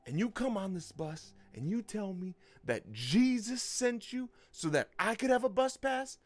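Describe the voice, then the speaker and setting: An excitable older man, as a storyteller acts him out, pressing his point with insistent repetition. His voice rides high and swings widely in pitch, with faint music playing underneath. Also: a little slow. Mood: urgent. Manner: urgent, insistent, repeats himself.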